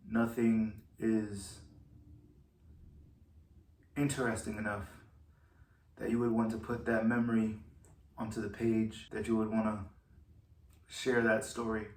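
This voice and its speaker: A man, a musician, talking through how he wrote one of his album's songs in a slow, thoughtful way with pauses. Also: lowish voice, level tone, roomy sound, far from the mic. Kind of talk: reflective solo talk.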